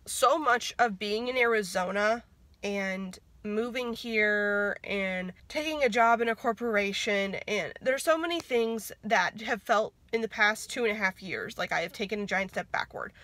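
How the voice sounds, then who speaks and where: A woman's voice: mid-range voice, normal speed, pushed and bright, dry recording. A young woman talking to camera in a candid, reflective vlog, swearing freely and laughing at herself. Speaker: vlogger. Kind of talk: reflective casual talk to camera.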